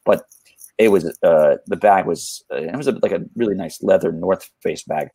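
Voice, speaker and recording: A man's voice: deep voice, normal speed, warm tone, no echo. A man, a guest telling a rambling, laid-back story on a livestream, full of fillers and restarts.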